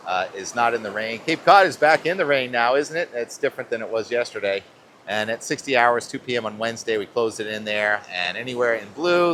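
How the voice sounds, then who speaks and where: A man's voice: a little high, a bit bright, a little hiss or hum. A man talking casually through a weather forecast outdoors, chatty and rambling, breaking off mid-thought. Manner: chatty, rambling, self-interrupting. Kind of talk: casual live weather show. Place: outdoors at a beach.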